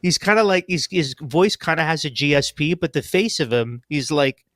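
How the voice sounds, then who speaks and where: A man's voice: fairly high pitch, lively intonation, normal speed, fairly bright tone, dry recording, clean studio sound. A man co-hosting a political podcast, bantering and mocking with a joking manner. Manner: joking, mocking, restarts sentences. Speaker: podcast co-host.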